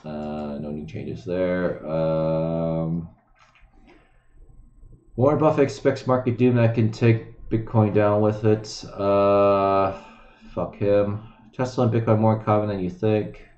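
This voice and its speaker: A man's voice: lowish voice, a little mellow, echoey room, muffled recording. A man hosting a casual commentary show, reading crypto news aloud and ranting about it with sarcasm, swearing and many fillers.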